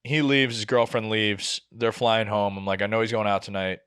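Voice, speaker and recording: A young man in his twenties telling a long story on a casual podcast, profane and animated, acting out what people said. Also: lowish voice, normal speed, smooth. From New England. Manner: animated, profane, acts out quotes. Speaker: podcast co-host.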